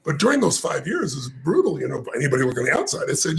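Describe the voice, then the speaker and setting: An older man telling a story as a podcast guest, animated and acting out the people he quotes in shifting voices. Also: a little high, racing, gravelly.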